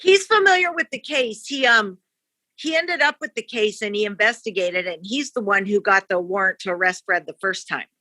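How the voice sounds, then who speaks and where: A woman's voice: medium pitch, brisk, pushed and bright. A woman from the victim's family, talking frankly and casually in an interview. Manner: plain-spoken, frank.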